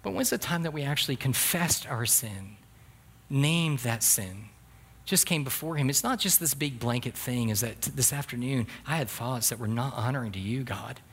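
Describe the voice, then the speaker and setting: A man's voice: medium pitch, animated, normal speed, a bit bright, slightly rough. A middle-aged man preaching a sermon as a pastor, telling humorous stories with asides to the congregation.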